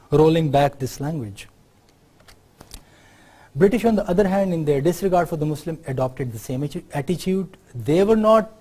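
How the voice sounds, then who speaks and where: Pakistani male lecturer, fairly high and warm-toned voice, explanatory delivery that keeps checking in with students. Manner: explanatory, often adds tag questions to check understanding. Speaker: university lecturer. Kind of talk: university lecture.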